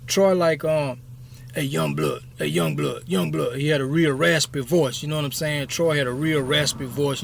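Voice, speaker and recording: A man's voice: on the high side, a little hiss or hum. A man in his fifties telling a story from his past in a casual, rambling way, often checking in with "you know what I'm saying". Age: 50s. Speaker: YouTube storyteller.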